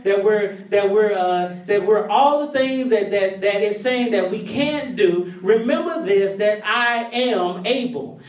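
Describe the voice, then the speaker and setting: A pastor preaching a sermon, repeating phrases and building toward emphatic calls to the congregation. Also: medium pitch. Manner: repetitive, building call-and-response preaching. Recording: roomy, heard from a distance.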